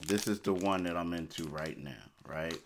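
A man with a very low voice talks casually on a podcast. He is animated and emphatic, often repeating phrases. He slides loosely between chat and sponsor reads. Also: normal speed, slight background noise. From Philadelphia. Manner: animated, repetitive, emphatic asides. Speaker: podcast host.

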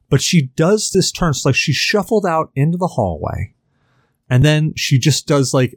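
A man's voice: mid-range voice, no echo. Rambling man telling a story, dry sound. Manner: rambling, filler-heavy, profane. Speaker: podcast host. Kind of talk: casual storytelling.

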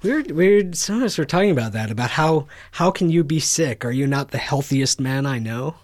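A man's voice: a little high, expressive, fairly quick, no room sound. A man co-hosting a podcast, chatting casually in a dry, understated way. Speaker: podcast co-host. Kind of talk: casual chat.

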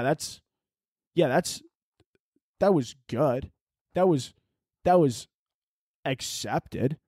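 A man's voice: medium pitch, darkish tone, dry recording, clean studio sound. Profane rambling young man podcasting. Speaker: podcast host. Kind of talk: casual solo podcast chat.

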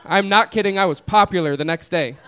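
A man's voice: high-pitched, fairly quick, fairly bright tone, slight background noise. A young man telling a funny story to a live audience, laid-back and laughing through it. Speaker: comedian telling a story on stage. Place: small live venue.

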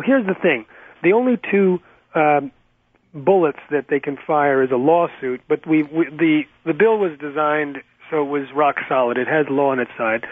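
A man talks as a guest on a radio interview, rapid and insistent, piling up facts. His voice sits a little high. The sound is tinny, like a phone line, and very dry. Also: no room sound. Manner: rapid, insistent, fact-heavy. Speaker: guest activist.

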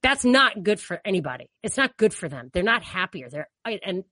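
A woman co-hosting a casual political chat, talking in a chatty way with laughing asides and quick restarts. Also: mid-range voice, big pitch swings, bright, forceful tone, dry recording. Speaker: co-host.

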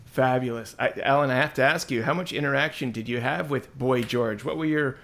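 A male host with a gravelly, creaky edge poses questions in a measured, middle-pitched voice. He keeps his prompts brief and answers with quick, eager reactions. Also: a bit bright. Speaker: interviewer, host. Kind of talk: interview questions.

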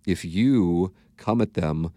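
A man's voice: deep voice, slow pace, dark tone, no echo, clean studio sound. A man with a St. hosting a podcast, telling stories in a blunt, profane, casual way and acting out quotes. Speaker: podcast host. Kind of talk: casual storytelling chat.

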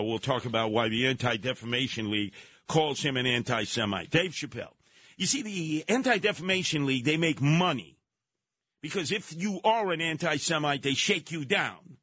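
A man's voice: mid-range voice, pushed and bright, dry recording. A man hosting talk radio, giving an emphatic, mocking, opinionated monologue. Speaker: radio talk show host.

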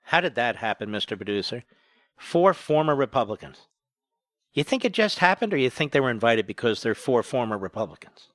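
A man hosting a talk radio show with sarcastic, mocking commentary that swings between loud jabs and quiet asides. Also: medium pitch, sing-song, brisk, no echo.

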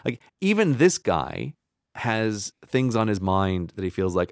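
Low-voiced man chatting casually. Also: sing-song, measured pace, no room sound, clean studio sound. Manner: enthusiastic, filler-heavy, teasing. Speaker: podcast co-host. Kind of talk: casual book discussion.

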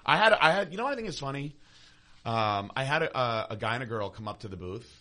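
A man's voice: mid-range voice, expressive, bright, forceful tone. A man co-hosting a podcast in casual chat, telling stories with dry, sarcastic jokes. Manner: fast, joking, sarcastic storyteller. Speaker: podcast co-host.

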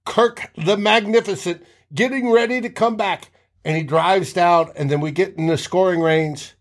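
A man hosts a casual sports talk show with a fairly high voice. He breaks down a game and jumps into animated impressions of players yelling on the field. His delivery swings between low, muttered asides and lively storytelling. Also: moderate pace. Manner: animated, acts out players' shouts mid-story.

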